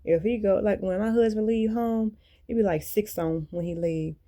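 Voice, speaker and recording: A woman's voice: mid-range voice, normal speed, mellow. A woman vlogger rambling candidly to her viewers in a blunt, colloquial way. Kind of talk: casual monologue to viewers.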